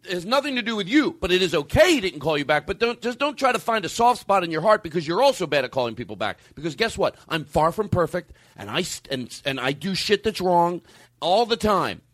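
Middle-aged male podcast host, exasperated comic ranter, lively swooping delivery, dry close mic. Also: high voice, a little fast, no room sound. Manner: animated, exasperated, swears, lots of restarts. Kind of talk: comedic podcast rant.

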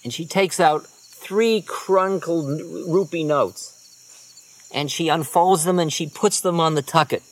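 A man telling stories from his time with a teacher, in an easy, conversational way. His voice sits a little high for a man, and his asides often drop low and quiet. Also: a little slow. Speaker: spiritual teacher. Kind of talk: storytelling talk.

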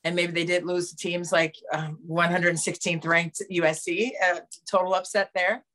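A woman basketball analyst co-hosting a podcast in casual chat, her voice raspy today. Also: fairly low pitch, level tone, normal speed, a bit bright.

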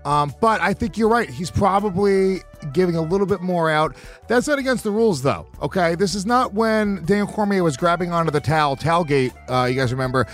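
A man's voice: sits high, animated, brisk, soft background music. A man co-hosting a podcast, in crude, profane, mocking comedic banter. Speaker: podcast co-host.

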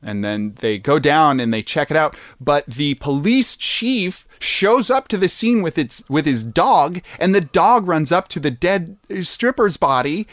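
A man talks through a film's story in a loose, rambling way, stumbling over fillers. His voice sits a little high and swings up and down. The sound is dry and close. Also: animated, dry recording. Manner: rambling, halting, lots of fillers and laughs. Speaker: podcast host. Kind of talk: casual chat, retelling a movie plot.

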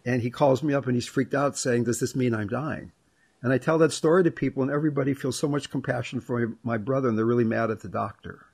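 A middle-aged man with a husky, slightly rough voice hosts a reflective conversation. He talks thoughtfully and without hurry, working through personal stories at an even middle pitch. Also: fast, hardly any pauses.

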